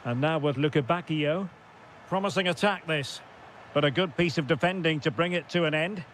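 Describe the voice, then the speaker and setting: A man's voice: fairly high pitch, moderate pace, fairly bright tone, slight background noise, close to an everyday voice. A man voicing a football play-by-play commentator in a video game, calling the action in short bursts that rise sharply at chances and goals. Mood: lively.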